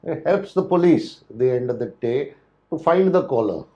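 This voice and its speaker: A man's voice: mid-range voice, lively intonation, moderate pace, warm tone, rough recording. A man giving a spoken lecture on hotel safety and security, talking loosely with frequent restarts and fillers. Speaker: hospitality security instructor.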